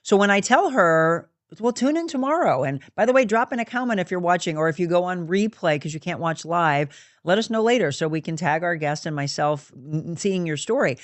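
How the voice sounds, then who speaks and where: Us lady hosting a faith talk show, lively storyteller, dry close sound. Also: lowish voice, brisk, no echo. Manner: animated, acts out quoted dialogue. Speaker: show host.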